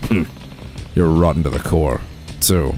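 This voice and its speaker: Man doing a deep, stern yakuza man. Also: a little slow, over music. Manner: blunt, disapproving, terse.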